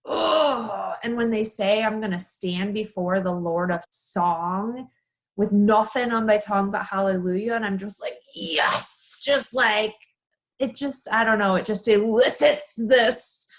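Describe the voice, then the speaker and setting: Animated woman chatting about funerals. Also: medium pitch. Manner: animated, expressive storytelling. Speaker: funeral director, co-host. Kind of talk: casual chat over wine.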